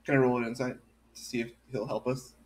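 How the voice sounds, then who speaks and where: A man's voice: medium pitch, little pitch movement, fast, a little mellow. A man playing a tabletop role-playing game, talking it through in a casual, deliberating way. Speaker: player. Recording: noisy mic with clicks.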